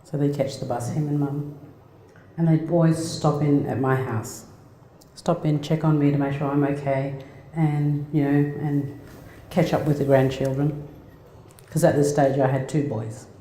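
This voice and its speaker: A middle-aged woman from Australia giving a personal talk, telling a family story in a plain, halting, reflective way. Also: deep voice, steady tone, dark tone, slight background noise. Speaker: speaker. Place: lecture hall. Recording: echoey hall.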